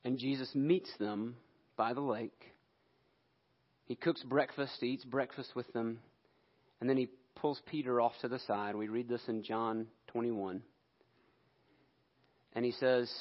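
A male preacher telling a scripture story in an animated sermon, acting out the quotes. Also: medium pitch, a little slow, long pauses, highs cut off.

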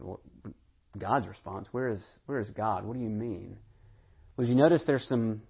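Earnest husky-voiced male preacher. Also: lowish voice, dull audio. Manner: earnest preaching, repeats words and asks rhetorical questions. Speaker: pastor. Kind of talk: sermon.

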